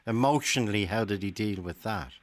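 Radio host asking probing questions. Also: male voice, on the low side, brisk, no echo. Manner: probing questions, brief acknowledgements. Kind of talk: radio interview.

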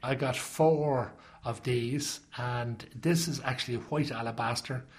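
A man's voice: mid-range voice, measured pace. Dublin guy telling a long story, kinda rambling, easygoing. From Ireland. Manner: rambling, anecdotal. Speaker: interviewee. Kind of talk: casual storytelling.

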